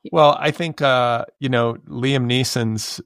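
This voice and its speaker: A man in his fifties hosting a podcast, chatting casually in a rambling, relaxed way with lots of fillers. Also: medium pitch, slow, clean tone, no echo, studio quality. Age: 50s. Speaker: podcast host. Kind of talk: casual chat.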